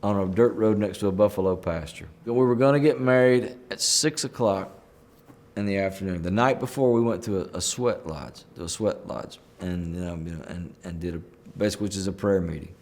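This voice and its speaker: A middle-aged man telling stories in a relaxed, folksy way, chuckling now and then. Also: deep voice. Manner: folksy, chuckling, unhurried anecdotes. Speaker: country musician telling a story. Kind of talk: relaxed storytelling in an interview.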